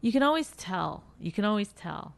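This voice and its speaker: A woman's voice: mid-range voice, sing-song, normal speed, creaky, dry recording. A woman co-hosting a podcast, chatting crudely and sarcastically. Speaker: podcast co-host. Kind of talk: casual comedic chat.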